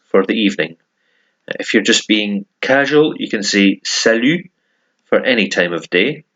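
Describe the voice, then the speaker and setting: A man explains a lesson at an unhurried pace and keeps stopping for ums and restarts. His voice sits low and deep, and he talks casually into a desk mic. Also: lively intonation, a bit bright, highs cut off. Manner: hesitant, many ums and restarts. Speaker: language learner.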